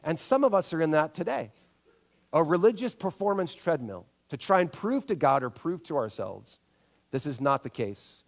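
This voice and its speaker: High-voiced man preaching a lively sermon. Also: normal speed, creaky. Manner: animated storytelling, acts out quotes with big pitch jumps. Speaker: pastor.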